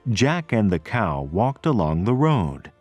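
A man reads a storybook aloud very slowly and deliberately, his low voice slightly husky. His pitch rises and falls expressively. Faint music plays behind him. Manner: clear, deliberate, expressive reading. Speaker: narrator. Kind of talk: slow read-aloud storybook narration.

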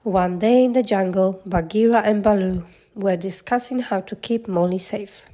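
A woman narrating a children's storybook aloud in a gentle, measured way. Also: mid-range voice.

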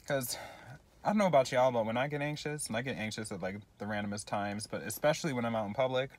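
A man's voice: mid-range voice, fast talker. A young man chatting casually to his phone camera in a vlog, rambling and self-deprecating, apologizing often between tangents. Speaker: vlogger.

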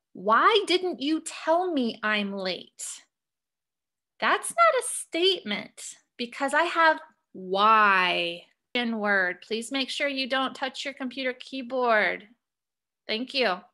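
A woman teacher walking young students through a punctuation lesson, reading sentences aloud slowly and asking prompting questions. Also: on the high side, pushed and bright.

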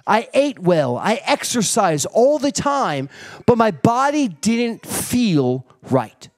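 A middle-aged man preaching a sermon, telling a story with animated energy and acting out family members. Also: high-pitched, takes it slowly. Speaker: pastor.

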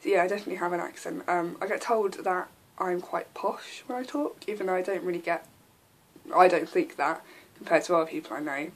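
A woman in her early twenties with an English accent talks casually to camera. Her voice sits a little low, and she fills her sentences with ums and little giggles. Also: a little fast. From England. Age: 20s. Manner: chatty, giggly, lots of ums. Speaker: vlogger.

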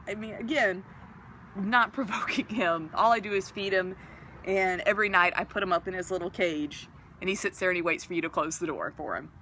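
A woman's voice: mid-range voice, pushed and bright, slight background noise. A young woman vlogging outdoors in her backyard on a handheld phone, laughing and scolding a pet chicken between stories. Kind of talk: casual vlog chat.

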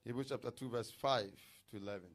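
A man's voice: medium pitch, quick pace. A man preaching a sermon in church as pastor, reading scripture aloud and breaking into tongues.

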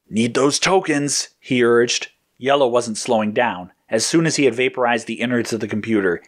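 Male narrator for a storybook, steady and even, mid-range pitch.

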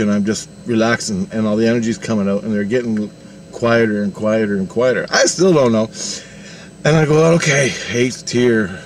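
A man's voice: medium pitch, a little hiss or hum. A man rambling through a spiritual vision story, laughing often and acting out the dialogue.

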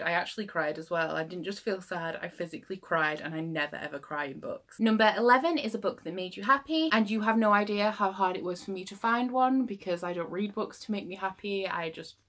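A woman's voice: on the low side, fairly bright tone. A young woman book vlogger chatting casually to camera, gushing with enthusiasm and trailing off mid-thought.

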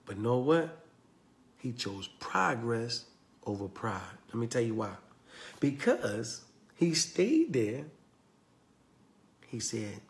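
A man with a Southern US accent giving a passionate motivational talk, retelling a story in a preachy way that swings from loud to hushed. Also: medium pitch, very animated, slow, long pauses. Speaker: motivational speaker.

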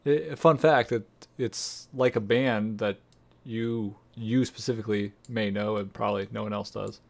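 A man's voice: on the low side, steady tone, moderate pace, gravelly. A man co-hosting a casual podcast, chiming in with hesitant restarts. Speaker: podcast co-host.

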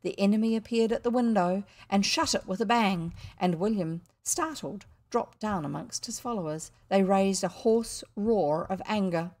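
A woman with a New Zealand accent reading a classic children's story aloud, expressive with the odd slip and restart. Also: mid-range voice, normal speed, few pauses. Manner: expressive, occasional slips and restarts. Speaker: audiobook reader.

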